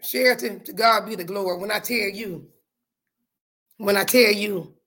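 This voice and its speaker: A woman hosting a podcast, talking to her listeners with fervent, repetitive, preacher-like faith talk, her voice going hoarse. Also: mid-range voice, moderate pace, fairly bright tone. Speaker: podcast host.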